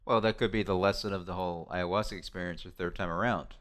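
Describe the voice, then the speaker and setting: A man's voice: low-pitched, fairly even intonation, quick pace, fairly bright tone. A man chatting casually as co-host, mostly reacting briefly and asking short questions. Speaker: podcast co-host. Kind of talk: casual chat.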